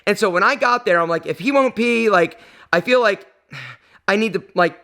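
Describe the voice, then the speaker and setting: Emotional high-voiced man vlogging. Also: moderate pace, bright, forceful tone. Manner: emotional, rambling, many fillers. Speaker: vlog host. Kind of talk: casual personal storytelling.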